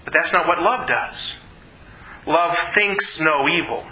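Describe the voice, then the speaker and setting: Bright-voiced pastor preaching in an echoey room. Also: male voice, fairly high pitch, takes it slowly. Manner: earnest, conversational preaching with repeated phrases. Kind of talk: sermon.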